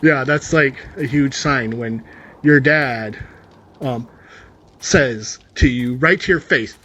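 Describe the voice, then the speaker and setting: A man reads a story aloud and breaks off into sarcastic, rambling asides. His voice is bright and forward, and faint clicks sit in the background. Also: medium pitch, slow pace, a little hiss or hum. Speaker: story reader and commentator. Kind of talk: reading a story with comic commentary over gameplay.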